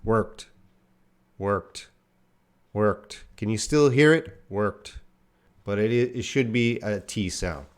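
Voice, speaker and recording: A man's voice: fairly low pitch, expressive, measured pace, smooth. A man teaching English pronunciation in a live online class, drilling consonant sounds, asking viewers to repeat after him and reading names from the chat.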